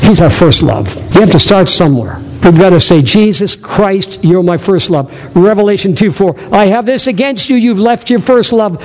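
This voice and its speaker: A man with a high voice preaching a sermon, pressing each point with short repeated phrases. His voice rings out through a long reverberant hall. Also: a little mellow. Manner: emphatic, repeats key phrases. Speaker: pastor.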